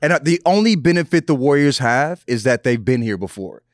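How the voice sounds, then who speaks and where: A man cohosting a casual sports podcast, talking in a slangy, animated way with loud bursts and low mutters. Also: brisk, dry recording, studio quality.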